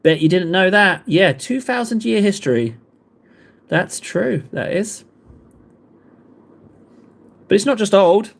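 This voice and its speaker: A man's voice: sits high, lively intonation, takes it slowly, gravelly, long pauses. Rambling man chatting. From England. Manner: rambling, self-deprecating, many fillers. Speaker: livestream host. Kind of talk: casual chat with live viewers.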